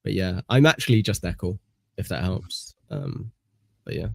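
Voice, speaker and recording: A British man hosts a casual podcast chat, rambling along with plenty of fillers and self-deprecating asides. His voice sits low and gravelly. The sound is dry and close to the mic. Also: animated, moderate pace, no echo. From England. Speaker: podcast host.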